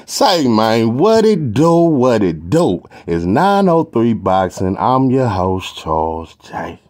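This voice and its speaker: A man's voice: fairly low pitch, very animated, slow, darkish tone. Profane Texan man ranting about boxing. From Texas. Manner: rambling, profane, slangy and emphatic. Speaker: boxing show host. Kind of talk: casual opinionated boxing commentary.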